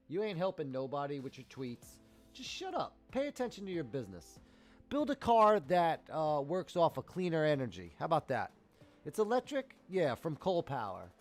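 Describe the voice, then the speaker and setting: A man ranting and cursing on a trading live stream, swinging between loud outbursts and muttered asides. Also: fairly high pitch. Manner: profane, heated, swings loud and quiet. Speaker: live-stream day trader.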